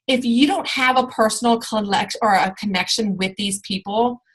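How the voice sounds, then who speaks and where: A woman's voice: a little high, moderate pace, husky, poor audio. A woman giving an informal training talk to her sales team, rambling along with lots of fillers and restarts.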